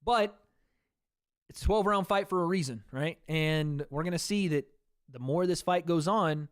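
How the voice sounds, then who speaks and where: At a normal speed, a livestream host offers casual commentary on a fight, chatting with viewers he calls "guys." His voice is fairly high and smooth, and the recording is dry and close with no room echo.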